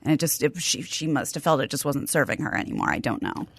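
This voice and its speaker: A woman's voice: very deep voice, big pitch swings, quick pace, vocal fry, no echo. A woman from the American Midwest reading and discussing news on a podcast in a conversational, thoughtful way. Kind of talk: casual news chat.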